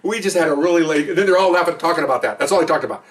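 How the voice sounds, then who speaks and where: A middle-aged man tells a story at a quick clip in a fairly high voice, acting out each side of the conversation and breaking into laughter. He sounds a bit far from the mic. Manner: animated, acts out both sides of phone calls, laughs often. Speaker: podcast co-host, retired cop. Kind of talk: casual storytelling.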